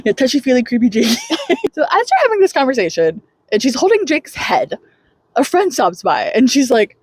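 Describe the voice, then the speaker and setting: Lively, breathy woman retelling a story. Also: high-pitched, moderate pace, dry recording. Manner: animated storyteller who laughs often and acts out quotes. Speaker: podcast co-host. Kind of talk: casual book recap chat.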